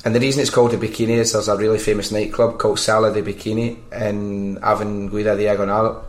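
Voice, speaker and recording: A Scottish man hosts a casual podcast chat, telling animated, sweary stories. His voice sits on the lower side. The recording is roomy, with a noticeable echo. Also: fast talker. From Scotland. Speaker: podcast host.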